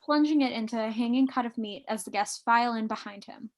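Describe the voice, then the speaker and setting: A woman briskly reading stage directions in a live script reading, lightly amused. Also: fairly high pitch.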